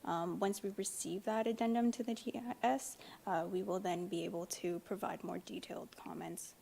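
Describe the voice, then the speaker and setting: A woman's voice: mid-range voice, fairly even intonation, normal speed, gravelly, mellow, slightly rough. A woman town staff member answering council in a formal, hesitant way, with many fillers.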